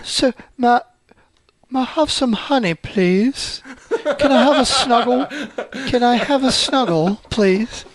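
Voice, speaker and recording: A man putting on the voice of a soft, pleading cartoon bear, breathy and half-whispered. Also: very high voice, slow pace, voice pushed up. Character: Winnie the Pooh, a soft, pleading male bear.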